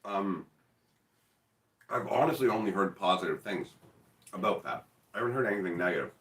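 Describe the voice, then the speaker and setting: A man rambles through a casual chat, laughing often and packing his talk with "like". His pitch swings lively up and down. He sits back from the mic in an echoey room. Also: brisk, far from the mic. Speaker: card game channel host.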